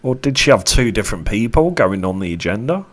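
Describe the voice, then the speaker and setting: A man giving a casual tarot reading to camera, chatty and animated, with casual swearing. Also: fairly low pitch, brisk. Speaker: tarot reader.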